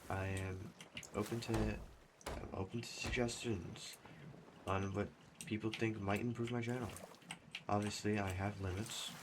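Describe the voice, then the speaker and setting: A man's voice: on the low side, fairly even intonation, unhurried. A man chatting casually over his gameplay as a gaming YouTuber, rambling and self-deprecating. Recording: clear keyboard typing noise behind. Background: computer keyboard typing.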